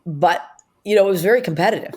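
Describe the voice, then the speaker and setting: Older woman guest, low-set voice, fast animated storyteller with lots of asides and fillers. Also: a little hiss or hum. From upstate New York. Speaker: guest, comedic actress. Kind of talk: casual interview chat.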